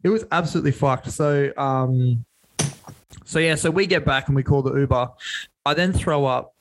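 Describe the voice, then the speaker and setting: A man's voice: mid-range voice, moderate pace, a little hiss or hum, rough recording. Rambling young Australian man. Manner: rambling, self-mocking, swearing freely. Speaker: podcast co-host. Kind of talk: casual storytelling chat.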